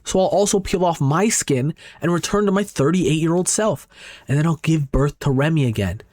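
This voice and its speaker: A deranged, doting mother, put on by a man who coos with an eerie, obsessive calm. The voice sits higher than a man's usual talk and is heard dry and close, like a horror manga read aloud. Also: normal speed, dry recording, lightly acted. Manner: cooing, eerily calm and obsessive. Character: deranged doting mother, middle-aged woman. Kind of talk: dramatic reading of a horror manga.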